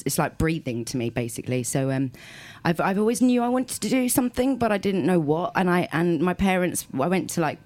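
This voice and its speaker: A low-pitched woman talks about her past as an interview guest. She rambles from one story to the next, laughs often and keeps restarting her sentences. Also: very animated, a little fast, hardly any pauses, darkish tone. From South London, England. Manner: rambling storyteller, frequent laughs, self-corrections. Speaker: guest musician. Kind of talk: casual interview chat.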